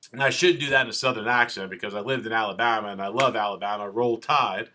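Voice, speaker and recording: A male defense attorney talks off the cuff with a bright, forceful voice. He stays animated and sarcastic as he explains his advice. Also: fairly low pitch, quick pace, hardly any pauses. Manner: animated and sarcastic, mimics police officers. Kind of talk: off-the-cuff legal talk to camera.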